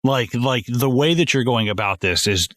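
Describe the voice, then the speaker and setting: A man co-hosting a podcast, chatting casually and excitedly about a film, swearing a lot and acting out lines from it. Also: mid-range voice, moderate pace, no room sound, studio quality. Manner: animated, swearing, acts out movie lines in voices. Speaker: podcast co-host.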